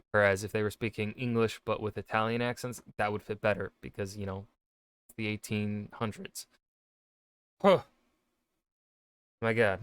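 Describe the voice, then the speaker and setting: A man's voice: fairly low pitch, smooth, no echo. An American man who writes fiction, giving casual reaction commentary and rambling as he thinks aloud. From United States. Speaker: author reacting to a video.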